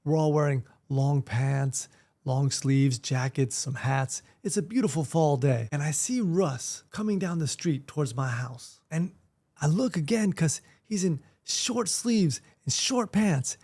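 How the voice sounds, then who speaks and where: A man in his sixties, hosting a vlog and telling stories in a punchy, animated way that turns loud and emphatic. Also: fairly high pitch, measured pace. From Miami, Florida, US. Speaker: vlog host and martial arts teacher. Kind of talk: casual storytelling vlog.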